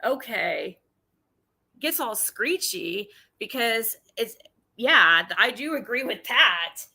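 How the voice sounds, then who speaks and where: A woman's voice: a little high, animated, vocal fry, bright, forceful tone, breathy edge. A woman hosting a casual livestream, blunt and combative, swearing often and restarting her sentences. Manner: halting, with frequent restarts. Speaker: livestream host.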